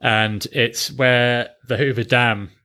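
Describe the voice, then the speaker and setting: A man's voice: medium pitch, fairly even intonation, slow pace, sharp tone. A man co-hosting a casual chat, blunt and sarcastic, swearing freely. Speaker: podcast co-host.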